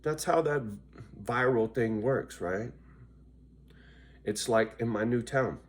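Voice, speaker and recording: Worn out and loopy, a middle-aged man vlogs to his viewers, rambling casually, swearing freely and often asking "right?" His voice is medium-pitched and slow.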